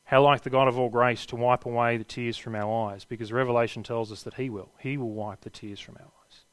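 A man preaching a sermon earnestly, building to emphatic peaks and dropping to hushed endings. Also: mid-range voice, fairly even intonation, brisk, slight background noise.

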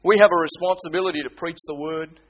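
A man preaching a sermon, swinging between hushed pleading and loud, urgent appeals. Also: fairly high pitch, fairly even intonation, quick pace. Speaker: pastor.

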